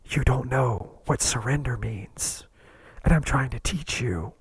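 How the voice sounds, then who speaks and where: A man voicing his own inner spirit in a soft, half-whispered, lower voice that patiently insists. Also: measured pace, husky, dry recording. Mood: hushed urging. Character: inner spirit, calm guiding voice.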